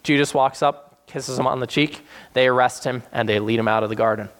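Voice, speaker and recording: A man preaching a sermon, retelling scripture with animated acted-out voices for the people in the story. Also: brisk. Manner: animated, acts out quoted characters with sudden high-pitched voices. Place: South Jersey church.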